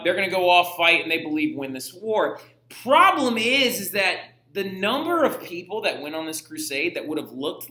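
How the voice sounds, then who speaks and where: A young male history teacher with a high-pitched, sharp voice gives a casual lecture in an echoey room. He's chatty and slangy, checking in often with "right?".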